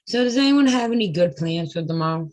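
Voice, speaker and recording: A woman's voice: fairly low pitch, lively intonation, fast, a little mellow. A woman hosting a casual live group chat, teasing and sarcastic. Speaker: host.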